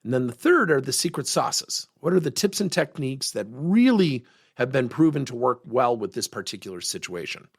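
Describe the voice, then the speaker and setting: A middle-aged man hosting a coaching podcast, telling a work story in an animated, personal way. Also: mid-range voice, normal speed, gravelly, husky, no echo, clean studio sound. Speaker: podcast host and workplace coach. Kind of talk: podcast monologue.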